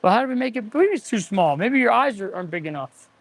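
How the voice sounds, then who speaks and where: A man's voice: high-pitched, sing-song, quick pace, dry recording. A man in his forties, an auto mechanic hosting a casual livestream, rambling and answering viewer chat as he goes. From United States.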